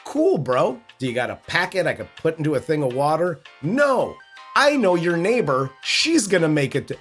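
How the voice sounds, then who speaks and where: A man's voice: a little high, very animated, moderate pace, fairly bright tone, husky, soft background music. A man co-hosting a movie review podcast, chatting in a casual, profane, mocking way. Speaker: podcast co-host.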